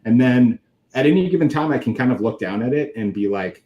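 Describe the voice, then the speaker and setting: A man in his thirties, a guest in a casual interview, talking in a relaxed, rambling way full of filler words. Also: mid-range voice, a little fast, dull audio.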